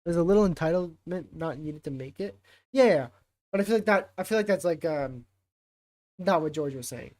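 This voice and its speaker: A man's voice: fairly high pitch, lively intonation, moderate pace. Rambling male streamer thinking aloud. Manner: rambling, thinking out loud with many fillers. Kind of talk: casual livestream commentary.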